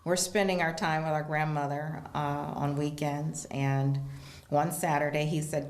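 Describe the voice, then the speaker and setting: A woman guest telling a personal story in a relaxed interview, animated and acting out the people she quotes. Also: low-pitched, measured pace, roomy sound.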